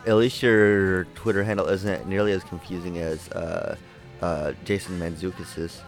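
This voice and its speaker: A man's voice: low voice, steady tone, moderate pace, faint music behind. A young man hosting a podcast in casual chat, rambling with lots of fillers and jokes. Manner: rambling, filler-heavy, jokey. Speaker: podcast host.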